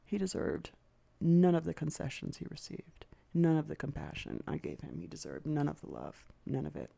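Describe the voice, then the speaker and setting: A woman hosts her own podcast, talking through a personal story with raw, profane anger. Her voice is dark and mellow, with a gravelly rasp that shows through. She vents and rants, now and then mimicking what others said. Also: sits low, very animated. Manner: profane, venting and heated, with quick mimicry of others. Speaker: podcast host. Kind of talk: candid storytelling monologue.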